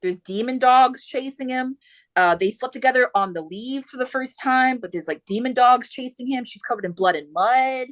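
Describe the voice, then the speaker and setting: A young adult woman hosting a podcast, chatting in a lively way, laughing often and acting out the book's characters in quick voices. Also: sits high, no echo. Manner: animated retelling with many voices, laughing often. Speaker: podcast host. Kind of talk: casual chat.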